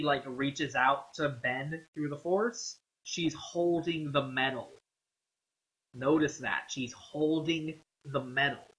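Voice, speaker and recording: A man's voice: a little high, bright, forceful tone, poor audio. A man ranting casually about a movie, rambling and profane, with many fillers and strong opinions. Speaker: vlogger.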